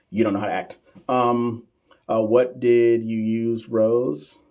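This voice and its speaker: A man's voice: mid-range voice, little pitch movement, takes it slowly, darkish tone. A man talks straight to his camera during a casual live stream, answering viewer questions as an exam coach. He reads comments aloud, jokes with regulars and keeps a loose, friendly, chatty flow. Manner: teasing and familiar with regular viewers.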